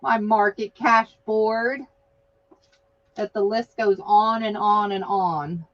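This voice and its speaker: A woman hosting an online craft market live stream, exuberant and cheering winners with loud whoops. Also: mid-range voice, fairly even intonation, slow pace, dull audio.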